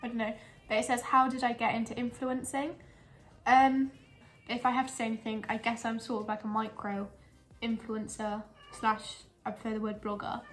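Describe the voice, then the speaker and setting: A woman's voice: on the high side, flat delivery, normal speed, faint music behind. A young woman, a lifestyle blogger, chatting casually in her home kitchen with rambling, giggly asides and a slightly breathless delivery. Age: young adult. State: a bit out of breath.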